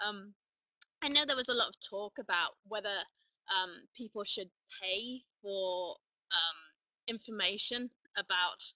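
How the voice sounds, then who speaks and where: A woman hosting a live online show in a chatty, excitable way, rambling and restarting her sentences. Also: on the high side, dry recording, recorded from a distance, poor audio. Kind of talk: casual live-stream chat.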